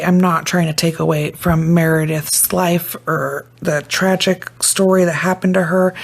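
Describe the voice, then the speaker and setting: Young woman vlogger, husky and gravelly, profane excitable rambler on a phone mic. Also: fairly low pitch. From Idaho, USA. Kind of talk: casual commentary to camera.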